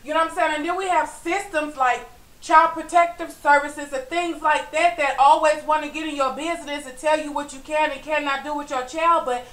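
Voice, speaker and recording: A woman venting in a personal vlog, frustrated and preachy. She swings from weary low murmurs to loud, emphatic outbursts and keeps asking "you know what I'm saying?". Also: steady tone, fairly quick, roomy sound, rough recording. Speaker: vlogger. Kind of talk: impassioned personal vlog monologue.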